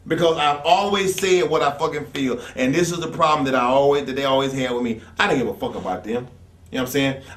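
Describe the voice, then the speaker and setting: A man telling stories in a blunt, profane rant as an interview guest, acting out the people he quotes. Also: mid-range voice. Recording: echoey room, distant from mic.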